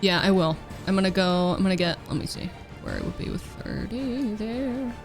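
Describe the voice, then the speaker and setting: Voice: mid-range voice, expressive, moderate pace, soft background music. A player in a tabletop game, planning moves aloud in a plain way. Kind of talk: casual tabletop play.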